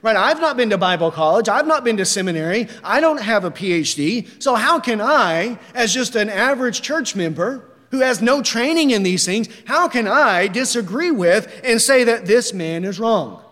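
A male pastor delivering a sermon in a high-pitched voice. He talks to the congregation in a conversational way, checking in with "right?" as he goes. Long reverb from the church hall trails after his words. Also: expressive, moderate pace, hardly any pauses, fairly bright tone. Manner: conversational, keeps adding "right?". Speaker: preacher.

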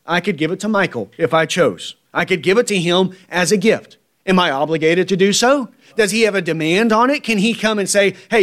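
Guy preaching a sermon, kinda high voice, keeps saying right? and hammering the point. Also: a bit bright. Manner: emphatic, repetitive, asks the congregation "right?".

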